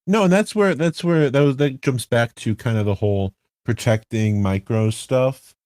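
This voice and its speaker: A male podcast host with a mid-range, darkish voice speaks at a moderate pace in a dry studio with no echo. Chatting casually about online game politics, he rambles, corrects himself, and builds his points through rhetorical questions.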